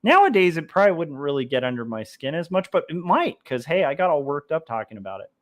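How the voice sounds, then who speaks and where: A man's voice: a little high, big pitch swings, fast talker, lo-fi sound. A man hosting a livestream while he draws comics, chatting casually and reading out chat messages, rambling with many fillers and restarts. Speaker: livestream host drawing comics.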